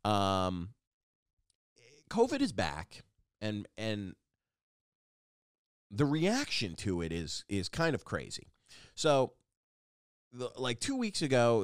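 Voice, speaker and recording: A man's voice: on the low side, smooth, no room sound, clean studio sound. A man hosting a casual solo podcast, rambling and self-deprecating with lots of restarts. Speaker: podcast host.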